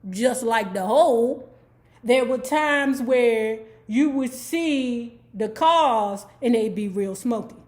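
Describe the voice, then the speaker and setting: A woman's voice: fairly high pitch, slow, darkish tone. Blunt, profane woman telling stories. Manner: candid, profane, frequent "okay?" asides. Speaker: book club vlogger. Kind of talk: casual storytelling book review.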